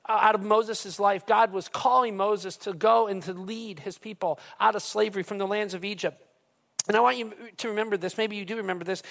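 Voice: mid-range voice, fairly bright tone. A pastor preaching a sermon in an emphatic way, talking straight to the congregation and repeating phrases for weight.

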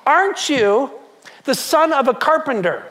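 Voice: high-pitched, sing-song, measured pace, fairly bright tone, voice pushed up, exaggerated voice. A preacher voicing a skeptical hometown crowd, firing incredulous, mocking questions in a slightly raised voice.

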